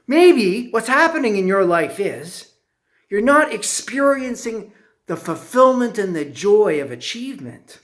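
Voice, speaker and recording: A man telling a personal story as a motivational speaker, slow and deliberate, drawing lessons from it. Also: sits high, sing-song, fairly bright tone.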